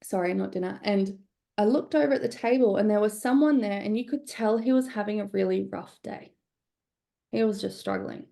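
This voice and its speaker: Female business coach, gravelly texture, candid and conversational, leading a live workshop. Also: mid-range voice, moderate pace, warm tone. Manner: conversational, frequent "right?" check-ins, casual swearing.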